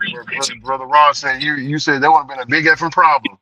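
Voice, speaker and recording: Animated man telling a story in a car. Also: a little high, quick pace, far from the mic, highs cut off. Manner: animated, repeats words, acts out quoted voices. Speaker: delivery driver telling a story. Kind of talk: casual storytelling vlog. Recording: voice a bit off-mic, faint music behind.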